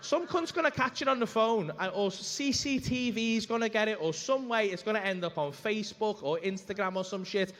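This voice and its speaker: Fast-talking sweary comic. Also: male voice, high-pitched, a bit bright, in a large hall. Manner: brash, sweary, rambling anecdote full of asides. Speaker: stand-up comedian. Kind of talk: stand-up storytelling. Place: comedy club stage.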